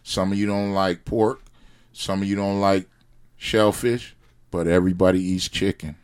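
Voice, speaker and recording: Low-voiced man ranting animatedly. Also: normal speed, clean tone. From United States. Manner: animated, preachy rants with loud swells. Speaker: podcast guest, sauce company founder. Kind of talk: casual chat.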